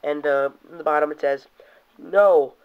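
A young man rambles through a casual toy review, swearing offhandedly. His voice sits a bit high. The sound is dull and lo-fi, like an old home video. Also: steady tone, moderate pace. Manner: rambling, reads comic panels aloud in put-on voices, curses casually.

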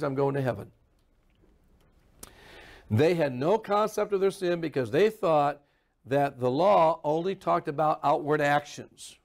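A man's voice: a little high, darkish tone. A man preaching a sermon in a church, emphatic and sarcastic, often mocking opposing views in put-on voices. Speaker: pastor.

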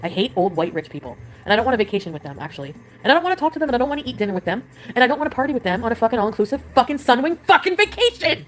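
A woman's voice: fairly high pitch, very animated, very fast, hardly any pauses, rough recording. A young woman vlogging, rambling, swearing and venting about her trip and her friends. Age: young adult. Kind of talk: emotional confessional vlog. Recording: clip with music behind.

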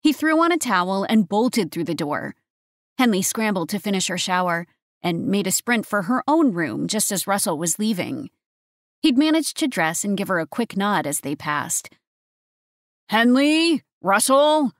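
A woman narrating a romance audiobook in a steady, even reading voice. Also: medium pitch, normal speed, dry recording, clean studio sound.

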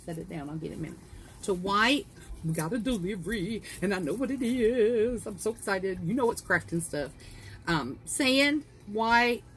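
A woman's voice: medium pitch, slight background noise. A middle-aged woman from South Carolina with a Southern accent, hosting a casual craft livestream in her home kitchen, folksy and chatty. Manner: chatty, folksy, greets viewers by name, laughs at herself.

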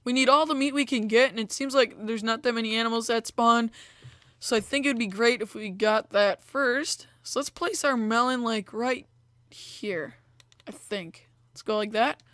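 Young female let's-play host, rambling casual commentary, slightly high voice, dry close sound. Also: fairly even intonation, moderate pace, a bit bright, dry recording. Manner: chatty, rambling, many fillers like "like" and "you know". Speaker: gaming video host.

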